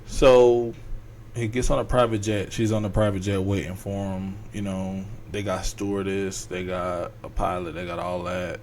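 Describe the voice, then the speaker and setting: Male podcast host, easygoing storyteller, wanders and slips into quick character voices, faint background hum. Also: low voice, flat delivery, a little mellow. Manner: rambling, acts out characters' lines in quick voices. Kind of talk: casual storytelling.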